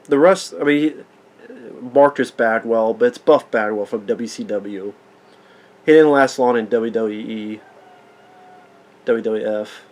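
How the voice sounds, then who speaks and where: A man reacts to a movie in casual, profane commentary, sounding sarcastic and incredulous. His voice sits at a middling pitch, and he swears freely as he reacts. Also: a little slow, long pauses, a little mellow, poor audio.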